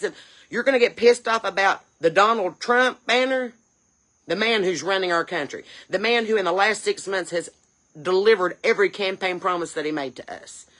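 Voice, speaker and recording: A woman's voice: medium pitch, a bit bright, natural voice. A woman playing a brash, indignant chain-smoking mom, scolding and firing off rhetorical questions. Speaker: comedy character creator. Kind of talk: character comedy rant.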